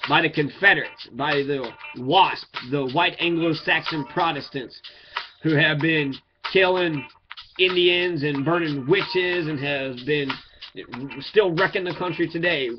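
A man with a somewhat high voice rants about politics, swearing freely and calling out his target by name. The recording is dull and lo-fi, and music plays clearly underneath him. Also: unhurried. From Kentucky. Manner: profane, ranting, addresses his target directly. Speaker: political commentator. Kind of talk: angry political rant.

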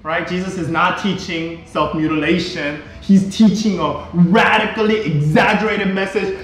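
Middle-aged male pastor, high voice, emphatic sermon delivery, very reverberant hall, faint noise under it. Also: moderate pace. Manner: emphatic, repetitive, rising to shouts. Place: church sanctuary. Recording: very echoey hall.

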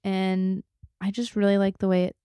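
A woman's voice: medium pitch, monotone, moderate pace, mellow, smooth, dry recording. Woman, podcast co-host, easygoing chat, dry mic.

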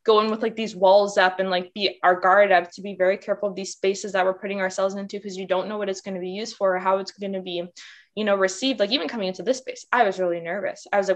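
Woman panelist, rapid speech, outspoken and passionate, dull lo-fi video call audio. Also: mid-range voice, fairly even intonation. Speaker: workshop panelist. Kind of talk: candid panel discussion.

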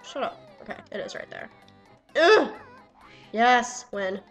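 Foul-mouthed excitable young woman gamer. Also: on the high side, moderate pace, soft background music. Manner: excitable, swears a lot, yells at the game. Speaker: let's player. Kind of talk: casual gameplay commentary.

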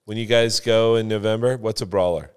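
A man who is a guest on a casual podcast, teasing the hosts and explaining things with animated storytelling. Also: lowish voice, fairly quick, smooth. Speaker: podcast guest, car business veteran.

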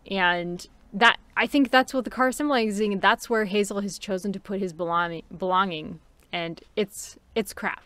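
A woman's voice: mid-range voice, fairly bright tone, no echo. Chatty Californian woman reviewing a book. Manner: chatty, rambling, with fillers and laughs. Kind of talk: casual book review talk. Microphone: home recording, unedited.

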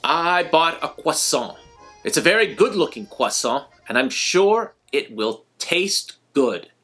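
A man narrates his own vlog with a gentle, nostalgic warmth. His voice is bright and rides an animated, swinging melody. He sounds a touch higher than most men. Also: slow, slightly rough, faint music behind. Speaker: vlog host. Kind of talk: personal storytelling vlog narration.

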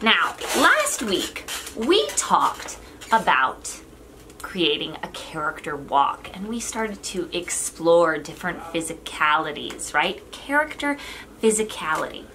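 A woman teaching an online drama lesson for kids, talking in a playful, demonstrative way and sliding between high and low to show what a voice can do. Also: big pitch swings, takes it slowly, bright, forceful tone, a little hiss or hum.

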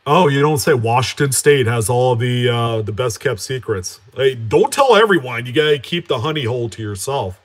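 A man's voice: mid-range voice, normal speed, few pauses. Chatty male coin channel host. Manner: chatty, reads out and answers viewer names; relaxed, with frequent fillers and self-corrections. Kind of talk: casual live-stream chat.

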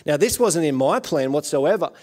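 Male guest preacher, Australian accent, conversational testimony with fillers, voice sitting a touch high. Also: lively intonation, moderate pace, darkish tone. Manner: conversational, earnest storytelling with frequent fillers. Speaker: guest pastor. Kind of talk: sermon with personal testimony. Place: church service.

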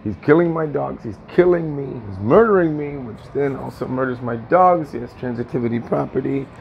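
A man's voice: mid-range voice, brisk, gravelly, muffled recording, slight background noise. A man venting in a personal vlog from his apartment, aggrieved and repetitive, often swearing. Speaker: tenant vlogger. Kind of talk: agitated personal vlog rant.

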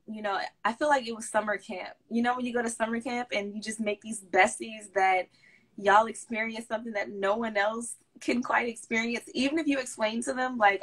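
A woman with a mix of DC, Baltimore and Southern accents, chatting casually as host of a live stream and reading out viewer comments. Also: medium pitch. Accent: mixed DC, Baltimore and Southern US. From DMV area, United States. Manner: chatty, upbeat, talks fast when excited.

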